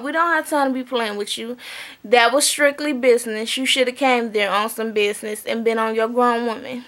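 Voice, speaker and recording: A woman's voice: on the high side, fairly even intonation, moderate pace, a bit bright. A woman recapping a reality TV episode in a blunt, profane, chatty way. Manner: blunt, profane, chatty, often asks "okay?". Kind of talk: casual recap chat.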